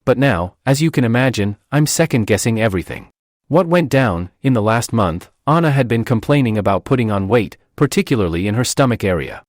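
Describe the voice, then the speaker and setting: Man with an animated storytelling voice. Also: medium pitch, brisk, no room sound, studio quality. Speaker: story narrator. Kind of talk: scripted narration of a reddit post.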